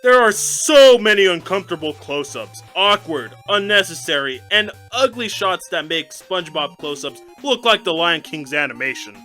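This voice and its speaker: High-voiced guy ranting sarcastically about a bad movie, swoops all over, music faintly under. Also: very animated, normal speed, hardly any pauses, bright, forceful tone. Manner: sarcastic, exaggerated outbursts. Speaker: film reviewer. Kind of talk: comedic movie review.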